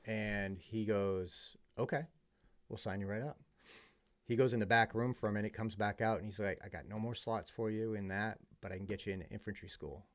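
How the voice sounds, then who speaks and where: Middle-aged man, from the US, gravelly fry, low voice, candid conversational storyteller. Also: steady tone, normal speed. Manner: candid, conversational, drops to a hush at emotional moments. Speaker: podcast guest. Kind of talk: casual storytelling.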